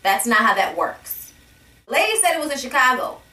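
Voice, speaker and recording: A woman's voice: fairly high pitch, big pitch swings, moderate pace, sharp tone, recorded from a distance. A woman reviewing a reality TV episode in a sassy, blunt, profane casual rant. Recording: echoey room, voice a bit off-mic.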